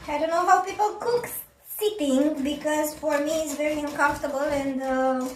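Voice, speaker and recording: High-voiced woman chatting from across her kitchen. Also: steady tone, normal speed. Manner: chatty, self-deprecating, thinks aloud while cooking. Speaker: cooking vlogger. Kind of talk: casual cooking chat. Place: home kitchen. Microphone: camera at a distance, face out of frame. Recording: roomy kitchen, mic far off, faint noise.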